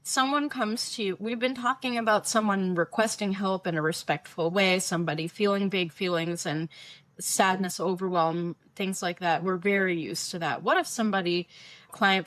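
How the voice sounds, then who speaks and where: Lower-voiced woman podcast host. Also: fairly bright tone, dry recording. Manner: laughs easily, asks long questions. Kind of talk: conversational interview.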